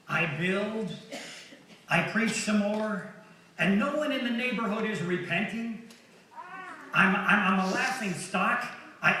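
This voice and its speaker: A man plays a frazzled, ancient Noah, high-pitched and slow, stammering and pleading in an exasperated whine. The voice sounds distant in a large, echoing hall with heavy noise behind it. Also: pushed and bright, full character voice. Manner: stammering, whiny pleading with repeated stutters. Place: large hall at a talent show. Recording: echoey hall from far off, noisy.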